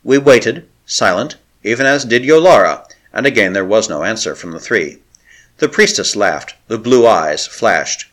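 A man reading an old adventure novel aloud with theatrical flair. His pitch swings widely, lifting and falling through every sentence. The delivery is dramatic and expressive. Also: a little slow. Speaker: audiobook narrator. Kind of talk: dramatic audiobook narration.

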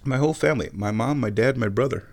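A man in his thirties from Omaha, telling a rambling, animated story in a casual monologue, chuckling now and then and bringing quoted people to life. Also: medium pitch, quick pace. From Omaha, Nebraska.

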